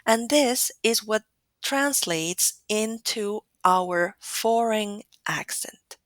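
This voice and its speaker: A woman whose first language is Spanish, giving a recorded phonetics lecture in a slow, deliberate way and demonstrating sounds. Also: mid-range voice, animated, fairly bright tone, dry recording. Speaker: teacher.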